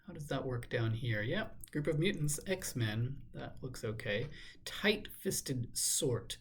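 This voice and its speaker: A man thinking aloud in a measured, musing way as he works through a crossword, now and then correcting himself. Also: mid-range voice, expressive, slightly rough. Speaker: crossword solver. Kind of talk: thinking aloud while solving a puzzle.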